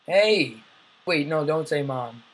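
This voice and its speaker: Fast-talking young man, rambling jokey vlog. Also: a little high, fairly bright tone, rough recording. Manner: rambling, self-deprecating, playful with acted-out quotes. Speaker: vlogger. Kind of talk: casual comedic vlog.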